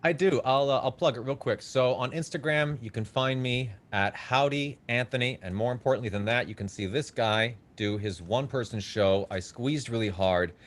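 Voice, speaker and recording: A man's voice: mid-range voice, moderate pace, hardly any pauses. A man at an online open mic, reading a rhythmic, rhyming spoken word poem and chatting nervously over a video call, with some swearing. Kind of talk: spoken word poetry and casual chat.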